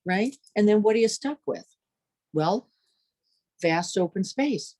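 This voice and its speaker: Animated woman meditation teacher. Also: mid-range voice, slow, dry recording. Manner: animated, asks rhetorical questions, acts out inner voices. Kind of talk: dharma talk.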